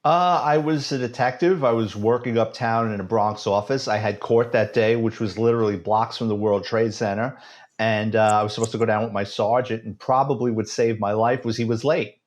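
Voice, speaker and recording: A man's voice: lowish voice, fairly quick. A man in his fifties with a New York accent, a retired police detective telling stories in a casual interview with a sarcastic edge. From United States. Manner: sarcastic, animated storyteller.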